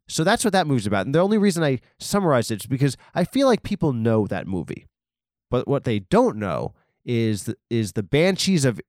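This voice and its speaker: A man doing a rambling comedic monologue, arguing with himself and bursting into loud high shouts. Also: dry recording, studio quality. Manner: digressive, rambling, mock arguments with himself.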